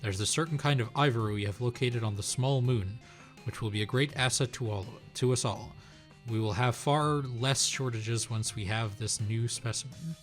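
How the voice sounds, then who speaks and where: A man's voice: medium pitch, normal speed, faint music behind, close to an everyday voice. A man voicing a formal male official who makes a stiff announcement, reading game dialogue aloud.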